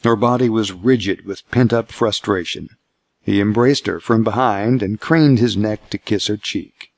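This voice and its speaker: Male audiobook narrator, steady scripted reading, low gravelly voice, dry sound. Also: a little slow, no echo.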